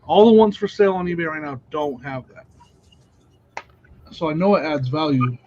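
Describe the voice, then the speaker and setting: A man's voice: on the high side, animated, moderate pace, dark tone. Reseller co-host, man, chatty storyteller on a muffled stream mic. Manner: storytelling, laughs mid-sentence. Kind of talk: casual chat.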